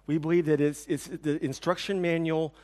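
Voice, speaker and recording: Man, pastor, sermon, animated storyteller, slightly higher voice, swings between excited and hushed. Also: normal speed.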